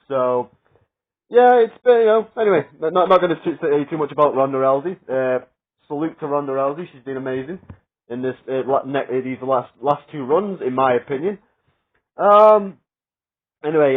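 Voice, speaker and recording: A man giving casual solo predictions for a video, rambling with lots of fillers and chuckling at his own asides. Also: a little high. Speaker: wrestling predictions vlogger. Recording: tinny phone-like sound.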